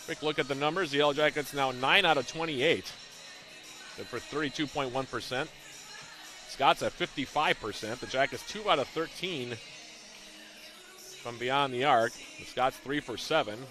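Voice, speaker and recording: A man calling a college basketball game play-by-play, reading out plays, scores and shooting stats in a brisk, rhythmic way. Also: medium pitch, bright, forceful tone. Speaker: play-by-play announcer.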